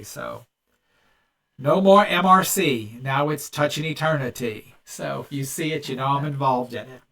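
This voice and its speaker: A man's voice: medium pitch, fairly bright tone, recorded from a distance. A man hosting a podcast in casual chat, rambling with many restarts and fillers. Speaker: podcast host and medium.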